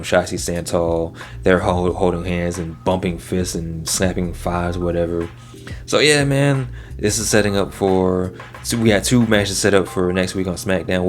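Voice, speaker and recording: A man with a low, deep voice runs through a wrestling episode in relaxed, slangy commentary. He sounds like a regular channel host chatting to his viewers. Faint music plays behind him. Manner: laid-back and slangy, often drops "man" and "yo". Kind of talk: casual recap commentary.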